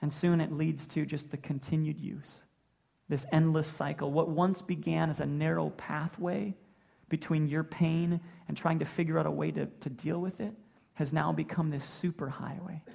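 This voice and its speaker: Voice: mid-range voice, vocal fry, darkish tone. A pastor preaching a sermon in an earnest way, building points through repetition.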